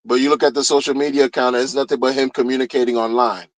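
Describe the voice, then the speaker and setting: A man's voice: medium pitch, fairly even intonation, quick pace, dry recording. A man ranting in a casual, blunt way, slangy and repetitive, as a crypto streamer. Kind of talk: casual rant.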